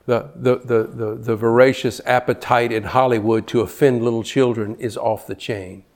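A man's voice: medium pitch, steady tone, normal speed. Fervent older male preacher. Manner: fervent, repeats words as he builds a point. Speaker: pastor. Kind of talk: sermon.

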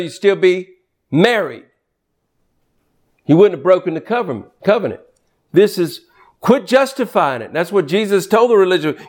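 Reading scripture at speed, a man delivers an energetic, conversational sermon, emphasizing words with sudden, sharp jumps in pitch.

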